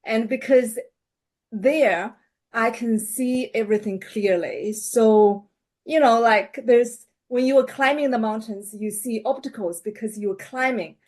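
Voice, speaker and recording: A middle-aged woman, a holistic health coach, introducing herself hesitantly with many pauses and soft laughs. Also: fairly high pitch. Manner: hesitant, many fillers and restarts, laughs often. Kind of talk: personal introduction on a panel show.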